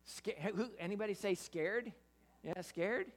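A preacher giving an interactive Bible sermon, animated, often stammering and restarting while putting questions to the listeners. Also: mid-range voice, measured pace. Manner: animated, quizzes the audience.

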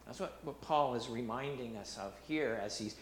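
A man preaching a sermon as pastor, animated and emphatic, repeating himself and restarting phrases as he drives his points home. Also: mid-range voice, moderate pace, reverberant, slight background noise.

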